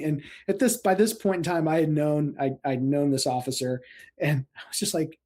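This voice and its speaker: A man from central Illinois, a paramedic guest in a casual interview, telling lively stories and laughing often. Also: fairly high pitch, moderate pace. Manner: animated, laughs often, acts out quotes.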